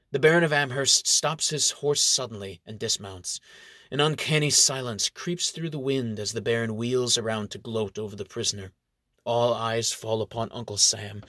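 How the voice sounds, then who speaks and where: A man narrating a historical fantasy story in a measured storytelling manner. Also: medium pitch, a bit bright, no room sound, clean studio sound. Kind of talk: audiobook narration.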